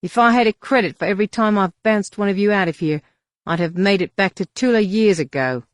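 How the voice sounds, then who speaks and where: A man's voice: high-pitched, fairly quick, no echo, clean studio sound, voice pushed up, lightly acted. A man voicing a big, surly alien bouncer who grumbles as he talks, in an audiobook. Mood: grumbling.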